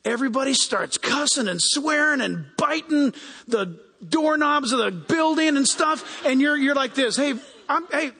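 A man preaching a sermon as pastor, animated and acting out the people he quotes. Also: very high-pitched, moderate pace. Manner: animated, acts out quoted people in raised voices. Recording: long hall reverb.

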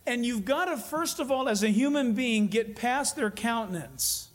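A man with a fairly high voice, preaching a sermon. He tells stories in an earnest way and draws out the phrases he wants to stress. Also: expressive. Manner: earnest, storytelling preacher with emphatic slowed phrases. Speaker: pastor.

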